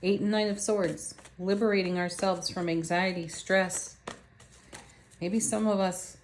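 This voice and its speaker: This tarot reader has a lowish, even voice and takes her time, with faint hiss or hum in the audio. Chatty and cheerful, she laughs frequently as she addresses her viewers head-on during a casual reading.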